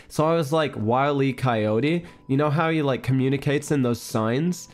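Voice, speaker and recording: Young male streamer, hoarse voice, rambling casual chat, faint music underneath. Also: medium pitch, normal speed, few pauses. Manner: rambling, animated storytelling with laughs. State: hoarse, recovering voice.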